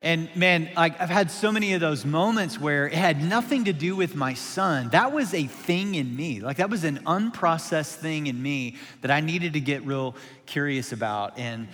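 A man's voice: a little high, expressive, moderate pace, few pauses, fairly bright tone, big-room sound. A man in his forties, a pastor, telling a candid parenting story in casual chat, self-deprecating and full of restarts. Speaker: pastor and podcast co-host.

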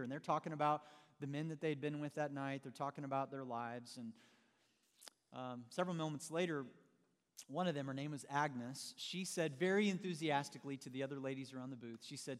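A man preaching in a church hall, telling a story with animated shifts of pace. His voice sits a little high and carries a long reverb off the room. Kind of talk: sermon storytelling.

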